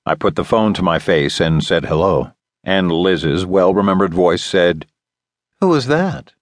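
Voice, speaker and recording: A man's voice: sits low, steady tone, measured pace, dry recording. A man narrating an audiobook in the first person, in a wry storytelling manner. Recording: dry studio booth.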